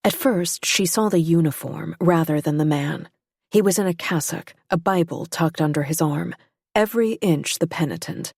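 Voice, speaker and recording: Brief: woman audiobook narrator, low, husky, measured, dry close sound. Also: a little mellow, no echo. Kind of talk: scripted narration.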